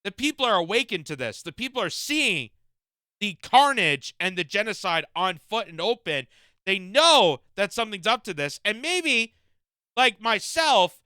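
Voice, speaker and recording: Indignant guy reacting to a clip, high clear voice. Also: bright, forceful tone, no echo, studio quality. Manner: indignant, emphatic. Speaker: political commentator. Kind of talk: reaction commentary.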